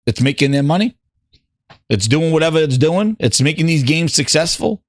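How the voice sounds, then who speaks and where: A man hosting a casual gaming talk show, ranting with an animated, sarcastic delivery. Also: on the high side, moderate pace, no echo. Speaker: host.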